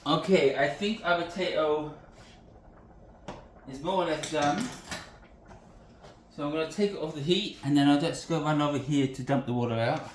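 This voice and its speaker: A man's voice: fairly high pitch, normal speed, pauses often, echoey room, a little hiss or hum. A man from Britain hosting a casual cooking demonstration in his home kitchen, chatty and loose, often correcting himself mid-sentence. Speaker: cooking channel host.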